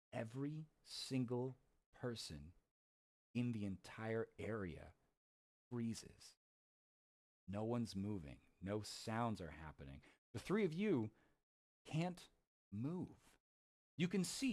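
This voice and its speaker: A man narrating a tabletop game as game master, playful and often laughing. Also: medium pitch. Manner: playful, laughing, with frequent restarts.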